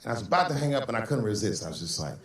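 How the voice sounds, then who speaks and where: A man's voice: on the low side, very animated, very fast. A man doing a stand-up routine on stage, telling profane stories and mimicking the people in them. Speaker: stand-up comedian. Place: stage in a large venue. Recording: echoey hall from far off, faint noise.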